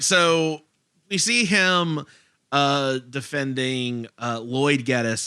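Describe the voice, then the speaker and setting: A young man from Louisiana co-hosting a casual movie podcast, talking in an animated, rambling way with frequent laughs. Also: mid-range voice, clear, resonant tone, no echo, studio quality. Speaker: podcast co-host. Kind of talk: casual chat.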